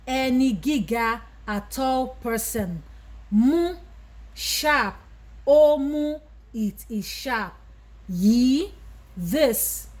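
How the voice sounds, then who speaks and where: A woman's voice: high voice, expressive, drawn-out words, darkish tone. A woman with a Yoruba accent, teaching a language lesson, who says each Yoruba word and then gives its English meaning. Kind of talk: slow vocabulary lesson.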